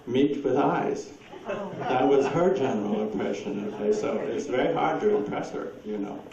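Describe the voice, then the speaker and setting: Captured in a distant, echoey room on dull, hissy lo-fi audio, a gravelly man of medium pitch speaks at normal speed with crowd noise around him. He rambles through anecdotes at a lecture, answers audience questions, and laughs a lot.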